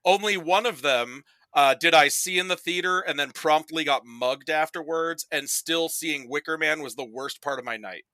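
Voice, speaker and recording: A young man with a very bright, forceful voice and a slightly high pitch tells stories in casual podcast chat. He breaks into exaggerated impressions, and the close mic sounds dry. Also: moderate pace, few pauses, dry recording, rough recording. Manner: animated storytelling with exaggerated impressions. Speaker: podcast guest.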